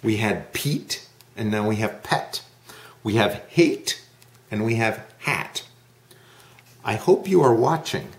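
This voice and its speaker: A man teaching English pronunciation in a one-to-one lesson, modelling sounds slowly and patiently. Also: fairly low pitch, lively intonation, echoey room.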